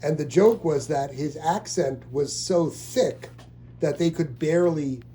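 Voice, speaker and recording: A middle-aged man talks casually with family, his voice mellow and a touch high. He rambles, restarting his sentences and filling gaps with little words. He asks questions about a relative. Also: measured pace, a little hiss or hum. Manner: rambling, with many restarts and fillers.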